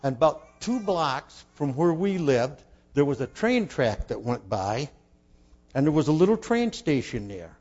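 An older man telling a folksy childhood story, asking his listeners questions and dropping to a hush for his inner thoughts. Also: on the high side, sing-song, a little slow. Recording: dull lo-fi recording.

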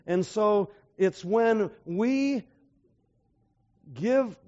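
Male preacher with a high voice, emphatic, keeps asking rhetorical questions; muffled lo-fi sound. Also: drawn-out words, darkish tone. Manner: asks the audience rhetorical questions; emphatic, retells stories with acted-out voices. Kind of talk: sermon. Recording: dull lo-fi recording.

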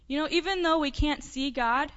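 A woman telling a simple story to children during a church service, speaking gently. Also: high-pitched, moderate pace. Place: church sanctuary. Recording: lo-fi church broadcast, long hall reverb.

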